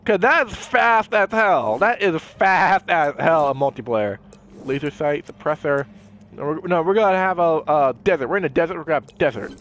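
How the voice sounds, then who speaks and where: A man doing casual let's-play commentary, excitable and goofy, playfully scolding characters in the game. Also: a little high, normal speed. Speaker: gameplay commentator.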